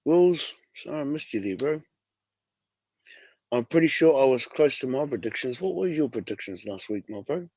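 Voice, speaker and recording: A man's voice: mid-range voice, expressive, moderate pace, a little mellow, slightly rough, no room sound. A man with a New Zealand accent hosting a casual fan livestream, laid-back and slangy, calling everyone bro. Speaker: fan show host.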